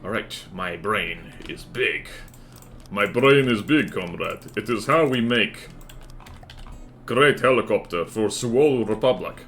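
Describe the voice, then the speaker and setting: A man's voice: on the low side, lively intonation, takes it slowly, a bit bright, a little hiss or hum, voice pushed down, heavily acted. A man voicing a proud, patriotic male comrade engineer with a put-on mixed foreign accent and solemn broken-grammar pronouncements.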